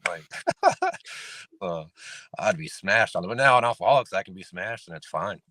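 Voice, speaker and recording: Deep, bright-voiced rambling male guest. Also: animated, moderate pace, dry recording. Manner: rambling, lots of "you know" fillers. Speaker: podcast guest. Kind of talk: casual podcast chat.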